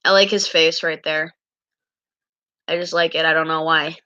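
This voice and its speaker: A woman's voice: low-pitched, steady tone, moderate pace, bright, forceful tone, smooth, dull audio. A young woman chatting casually and rambling while she draws a comic. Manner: rambling, chatty, self-deprecating. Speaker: artist vlogger. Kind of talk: casual chat while drawing.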